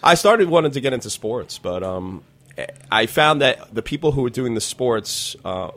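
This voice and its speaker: A man's voice: medium pitch, very animated, normal speed, fairly bright tone. A man in his thirties from Queens talks as a studio guest. He rambles and laughs at himself in a casual tone. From Queens, New York. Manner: self-deprecating, rambling, laughs often. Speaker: TV news reporter and band drummer, guest.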